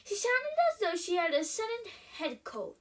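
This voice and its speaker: A woman reading a novel aloud in an expressive storytelling manner. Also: very high voice, normal speed. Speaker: reader.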